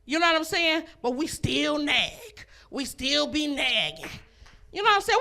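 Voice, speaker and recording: Brash high-voiced woman doing stand-up. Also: big pitch swings, moderate pace, vocal fry, bright, forceful tone. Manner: brash, laughs between jokes. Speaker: stand-up comedian. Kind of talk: stand-up comedy set. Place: comedy club stage.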